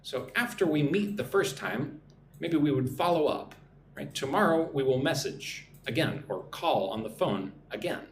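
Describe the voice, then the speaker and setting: A man teaching English vocabulary live, his pitch rising and falling with lively movement. He spells words out slowly syllable by syllable and keeps checking in with "right?", while his voice rings in an echoey room with a faint ambient hum behind it. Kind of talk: live-streamed vocabulary lesson.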